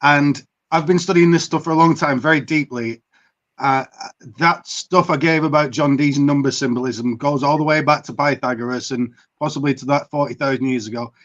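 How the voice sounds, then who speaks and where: A man's voice: on the high side, steady tone, moderate pace, fairly bright tone, highs cut off. A man from England talking as a podcast guest on a video call, eager and knowledgeable. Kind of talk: casual chat.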